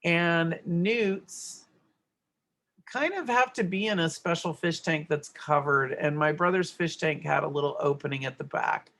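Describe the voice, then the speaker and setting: A woman's voice: sits low, unhurried, a bit bright. A middle-aged woman teaching a grammar worksheet lesson, explaining step by step and checking in with "right?".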